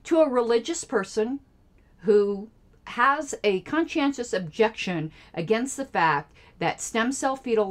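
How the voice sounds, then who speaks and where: A woman hosting a radio show, giving sarcastic, indignant political commentary on clips she plays. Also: fairly high pitch. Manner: sarcastic and indignant, jokey asides.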